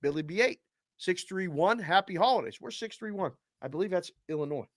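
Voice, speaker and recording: A male host on a live show, cheerfully reading out viewer shout-outs with names and area codes. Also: high-pitched, lively intonation, brisk, no room sound, clean studio sound.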